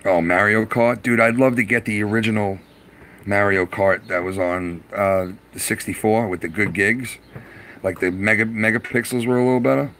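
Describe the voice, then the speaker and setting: Talking at normal speed in a voice on the low side, a man chats casually with his live stream viewers from his garage, with slight background noise on his phone mic. He gets excited, swears, laughs a lot, and trips over words.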